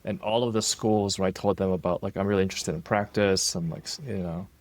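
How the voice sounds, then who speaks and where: A middle-aged man co-hosting an interview, asking relaxed, slightly halting questions. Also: sits low, no room sound. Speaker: podcast co-host. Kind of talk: casual interview conversation.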